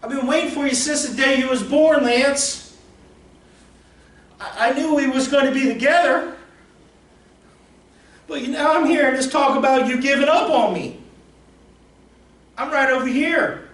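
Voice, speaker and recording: A man's voice: extremely high pitch, a little slow, long pauses, pitched above the performer's own voice. A man voicing a pleading, personified dream. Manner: loud, insistent, repeats the listener's name. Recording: roomy echo, distant mic, faint noise.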